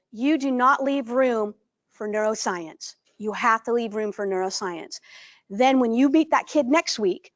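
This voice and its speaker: A high-pitched woman teaches a workshop audience, animated and lively in delivery. She keeps checking whether the room is following her. The recording sounds dull and lo-fi. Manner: animated, acts out greetings in a bright voice; asks the audience frequent check-in questions. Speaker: trainer. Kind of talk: live workshop presentation.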